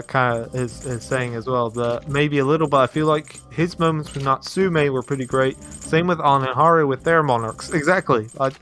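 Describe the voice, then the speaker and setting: Male co-host for a let's play: mid-pitched, chatty, reads chat and trips over his own sentences. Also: a bit bright. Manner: chatty, restarts often, reads viewer comments aloud. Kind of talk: casual let's play commentary.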